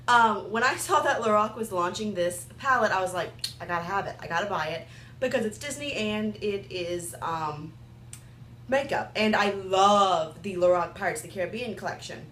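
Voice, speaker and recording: Hiccuping throughout, a young woman who vlogs about beauty rambles through a casual review of makeup products, her talk full of "like" and "um." The voice sits mid-range with a fairly bright tone, and the recording is reverberant with a little hiss or hum.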